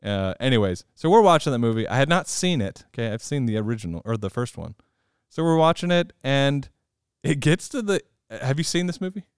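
A man in his thirties chatting casually as a podcast host, telling animated stories and laughing at himself. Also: mid-range voice, a little fast, clear, resonant tone, no echo, studio quality. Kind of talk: casual chat.

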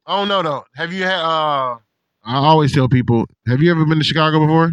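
A man hosting a casual chat, telling profane, animated stories and acting out what people said. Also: fairly high pitch, fast talker, clear, resonant tone, no echo, dull audio. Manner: animated, profane storytelling with put-on quotes. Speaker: podcast host.

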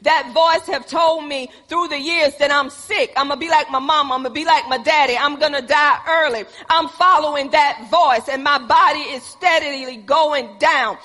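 A woman preaching a sermon who quotes scripture, asks the congregation questions and answers them herself, and builds up to shouted passages. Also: high voice, normal speed, hardly any pauses. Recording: long hall reverb.

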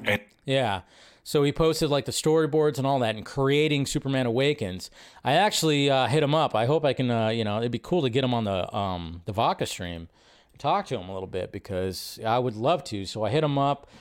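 A man hosting a live film news stream, chatting casually and rambling, often jumping from high excited bursts to low mutters. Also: fairly quick, clean tone. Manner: rambling, animated, jumps between high and low.

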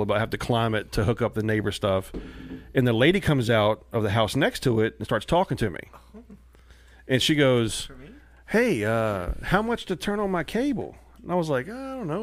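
A man telling wild stories in casual podcast chat, profane and animated, acting out the people he quotes. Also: mid-range voice. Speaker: comedian guest. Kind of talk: casual storytelling.

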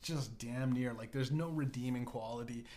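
A man's voice: medium pitch, moderate pace, warm tone. A man hosting a podcast, spinning a loose, profane story with many restarts and tag questions. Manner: profane, stammering, full of restarts and "right?". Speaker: podcast host. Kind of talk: rambling casual podcast monologue.

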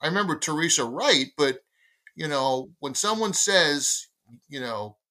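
Bright-toned man telling lively stories. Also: on the high side, measured pace. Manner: animated storyteller who acts out quoted dialogue. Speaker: guest, baseball editor and former team publicist. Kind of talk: anecdotal storytelling in conversation.

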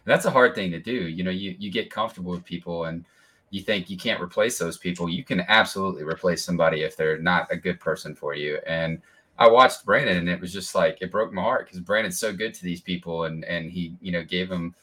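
A man with a very low voice that still sounds forceful and bright. He co-hosts a podcast and talks bluntly, with some heat. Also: brisk, breathy edge. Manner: blunt, heated. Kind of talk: casual chat.

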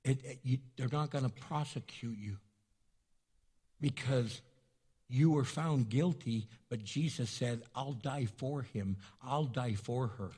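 A man's voice: medium pitch, takes it slowly, warm tone, breathy edge. A man preaching a sermon as pastor, emphatic and repetitive, acting out little asides for the congregation. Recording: long hall reverb.

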